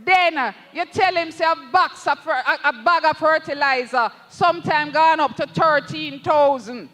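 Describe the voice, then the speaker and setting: At a political rally in a large hall, a parliamentary candidate with a Jamaican accent delivers an impassioned speech, slow and emphatic. The voice is high, bright, and forceful, and he repeatedly turns to address the party leader.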